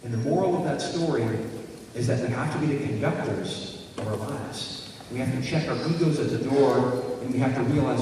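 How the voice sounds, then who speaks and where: At normal speed and with a mellow, medium-pitched voice, a motivational speaker tells stories and asks his audience questions. The sound is distant, echoey and noisy, as if from the back of a hall.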